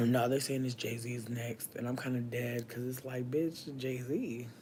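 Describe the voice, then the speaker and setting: A man giving casual comedic commentary in a campy, animated way, laughing often and using heavy slang. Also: mid-range voice, slow pace.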